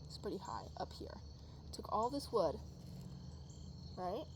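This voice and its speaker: A woman vlogging from her backyard garden at dusk, filming on a phone as she walks. She rambles and vents, swinging from soft musing to loud, exasperated outbursts. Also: mid-range voice, very animated, measured pace, a little hiss or hum. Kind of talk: casual venting vlog.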